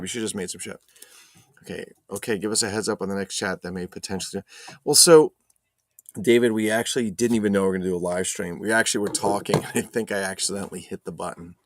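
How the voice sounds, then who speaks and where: A low, gravelly male voice runs a loose, joking live stream from his home setup. He swears casually and reads viewers' chat aloud. The sound is dry and close, with no room echo. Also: fast, sharp tone.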